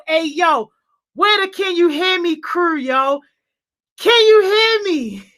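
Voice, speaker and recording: A young woman opens a youth livestream with playful, shouted greetings full of slang. Her voice sits high and sounds bright. She speaks at an unhurried pace.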